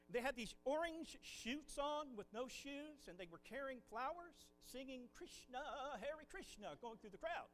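A man's voice: very high voice, big-room sound, a little hiss or hum, poor audio. A man from Ohio preaching a sermon from the pulpit, telling folksy stories. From Ohio, USA. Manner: folksy storytelling, animated. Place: church pulpit.

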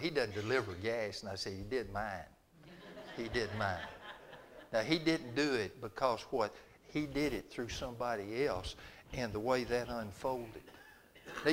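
A man's voice: mid-range voice, a bit bright, a little hiss or hum. An older man, preaching a sermon in a chatty, folksy storytelling way, acting out the dialogue.

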